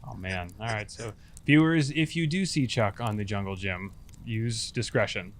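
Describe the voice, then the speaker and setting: A man's voice: lowish voice, moderate pace, slight background noise. A man hosting an interview outdoors by a campfire, asking questions with hesitant, searching phrasing and fillers. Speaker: podcast host.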